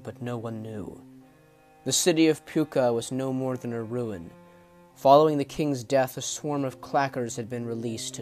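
A man narrating a fantasy audiobook in a measured, dramatic way, dropping low at the ends of phrases. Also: darkish tone. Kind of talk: storybook narration.

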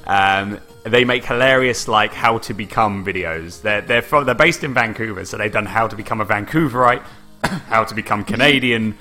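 A man's voice: lowish voice, normal speed, bright, forceful tone, faint music behind. A man co-hosting a podcast, chatting casually about old video games, laughing often and acting out quotes in a raised voice. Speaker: podcast co-host.

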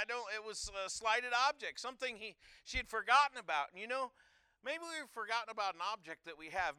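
A man's voice: high-pitched, pushed and bright, clear, resonant tone, dry recording. A man preaching a sermon, emphatic, repeating phrases and restarting as he builds his points.

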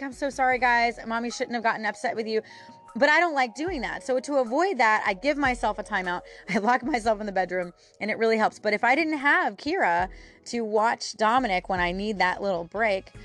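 Woman, 30s, podcast host, casual chat, candid, middle pitch, faint background music. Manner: chatty and candid, with frequent fillers and laughs.

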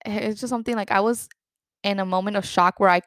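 A woman's voice: medium pitch, steady tone, fast, fairly bright tone, no room sound. A young woman hosting a podcast, telling her own story in a candid, rambling way with lots of "like" and a few Spanish words. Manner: candid, rambling, heavy use of "like". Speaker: podcast host. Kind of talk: personal storytelling monologue.

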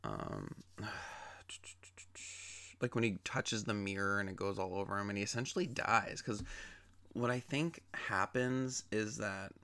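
A man's voice: fairly low pitch, expressive, a little slow, creaky, sharp tone. Chatty young man reviewing a movie. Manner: chatty and enthusiastic, with many fillers.

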